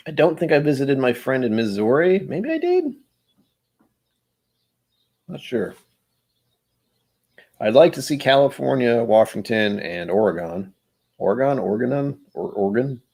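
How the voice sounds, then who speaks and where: A man's voice: medium pitch, dark tone. A man hosting his own vlog, rambling through casual solo musings with self-deprecating humor. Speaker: vlog host.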